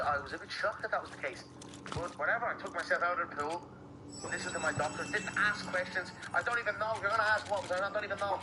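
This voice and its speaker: A man answering interview questions in a fairly high-pitched voice, blunt and profane, stumbling over repeated words. The clip carries a steady hiss of background noise. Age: adult with young children. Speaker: professional fighter interviewee. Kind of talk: candid interview talk.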